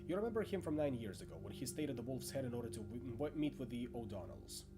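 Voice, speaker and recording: A man's voice: mid-range voice, expressive, fast. A man narrating a tabletop horror game as game master, with chatty asides and stumbles over names. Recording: music playing under voice.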